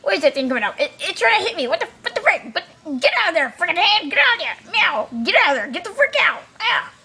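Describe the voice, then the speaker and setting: A woman voicing her lazy house cat in a home video, with a squeaky, excitable, indignant cartoonish manner. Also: fast, exaggerated voice. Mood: alarmed, indignant. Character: scared, grumpy house cat voiced by its owner. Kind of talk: home video voiceover for pets.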